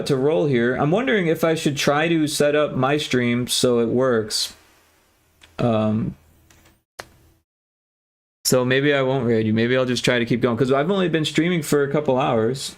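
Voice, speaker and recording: A man's voice: medium pitch, moderate pace. Rambling man chatting on a livestream. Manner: rambling, thinks aloud with many fillers. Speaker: streamer and game developer. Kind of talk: casual livestream chat.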